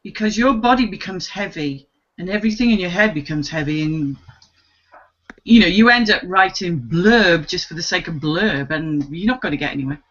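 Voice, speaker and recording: A woman in a casual group video chat, animated and laughing often as she acts out her own thoughts. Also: on the low side, normal speed. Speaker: co-host. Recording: dull lo-fi video call audio.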